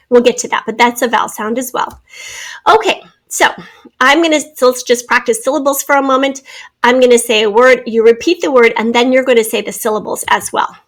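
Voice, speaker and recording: Woman, phonics teacher, slightly high voice, stretches out each sound. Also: fairly bright tone. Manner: slow, careful sounding out of words. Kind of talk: spelling and phonics lesson. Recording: recorded lesson video.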